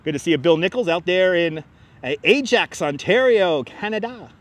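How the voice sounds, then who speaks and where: A man's voice: high voice, moderate pace. A man hosting a casual live stream while walking outdoors in an urban park, chatty and teasing, greeting viewers as he goes.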